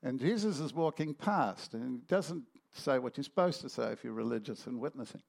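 A man's voice: medium pitch, lively intonation, normal speed, gravelly, few pauses, a little mellow. A man preaching a sermon, telling stories animatedly and acting out the voices in them.

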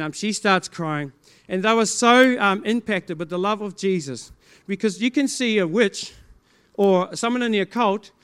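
A middle-aged pastor with a New Zealand accent shares a testimony with his congregation, animatedly acting out both sides of each conversation and now and then bursting into loud exclamations. His voice sits high and rings smooth and clear.

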